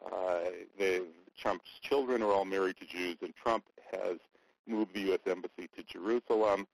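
A very deep-voiced man talks through political commentary in a halting way, full of fillers and restarts. The recording is dry and close, with no room sound. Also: creaky, dry recording, rough recording.

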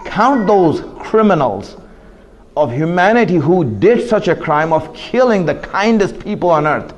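Male preacher, high voice, impassioned sermon delivery, dramatic swings from loud to hushed. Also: sing-song, measured pace, highs cut off, a little hiss or hum. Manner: impassioned, rising and falling between loud pleas and hushed asides.

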